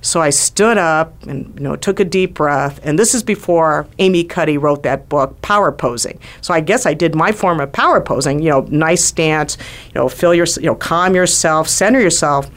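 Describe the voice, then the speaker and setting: A middle-aged woman, a former White House doctor, telling a lively personal story on a talk show. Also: low voice, normal speed. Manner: lively anecdotal storytelling with acted quotes.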